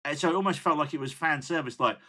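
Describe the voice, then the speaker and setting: A man's voice: a little high, fast talker, sharp tone. A man co-hosting a podcast in casual chat, blunt and opinionated. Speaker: podcast co-host.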